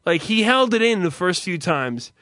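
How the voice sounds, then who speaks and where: A man's voice: high-pitched, very animated, normal speed, fairly bright tone, no room sound, studio quality. A man hosting a stream, telling rambling, profane anecdotes in a casual monologue and laughing often. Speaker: streamer host.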